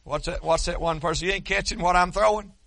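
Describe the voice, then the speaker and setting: Folksy older preacher. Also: male voice, high-pitched, fast talker, gravelly, a bit bright, no room sound. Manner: folksy, joking, preaching with rising fervor. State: losing his voice from yelling. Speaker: pastor. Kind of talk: sermon.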